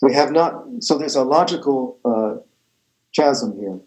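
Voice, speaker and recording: A man's voice: medium pitch, expressive, unhurried, a little mellow, reverberant, low-quality recording. A man lecturing a math class, rambling and correcting himself as he goes, with the odd chuckle. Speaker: math professor.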